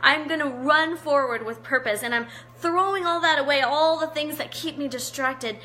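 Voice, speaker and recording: A woman's voice: high-pitched, normal speed. A middle-aged woman hosting a live devotional chat, reading out viewer comments in an encouraging, chatty way. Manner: warm encouraging, chatty, greets viewers by name. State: teary-eyed. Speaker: online show host.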